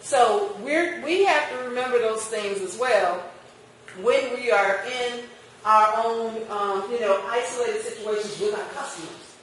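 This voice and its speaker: A woman's voice: fairly high pitch, unhurried, slight background noise. A woman teaching a marketing class, questioning her students and acting out little customer scenes. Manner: lively, questions the class and acts out customer exchanges. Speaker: marketing instructor. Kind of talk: classroom lecture. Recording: echoey room picked up from a distance.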